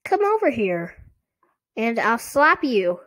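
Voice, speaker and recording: A woman putting on a cheeky wooden ventriloquist dummy, squeaking in a tight, high voice and jeering at everyone. The storybook voice is recorded dry and close, with no room sound. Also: sing-song, takes it slowly, fairly bright tone, no room sound, full character voice. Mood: mocking. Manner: rude and mocking. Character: sassy wooden ventriloquist dummy, male, taunting. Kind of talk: storybook reading.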